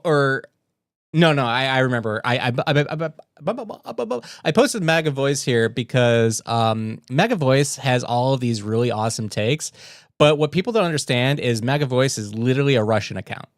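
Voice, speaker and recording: A man's voice: medium pitch, moderate pace, no echo, clean studio sound. A man hosting a casual political news livestream, sarcastic and mocking as he reads posts aloud and comments on them. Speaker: livestream host.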